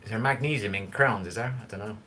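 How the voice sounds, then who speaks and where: This man speaks quickly in a lowish voice with a sharp edge, over a little background noise. He's a livestream host puttering around his kitchen, cooking and cleaning while he rambles chattily to his viewers, talks straight to the chat, and drops the odd blunt swear word.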